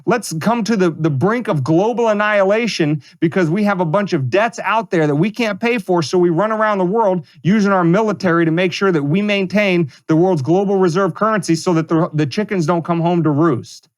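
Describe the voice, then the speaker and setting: A man's voice: high-pitched, fairly quick, hardly any pauses. Furious cursing male podcast host. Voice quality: profane, heated, emphatic. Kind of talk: angry political rant.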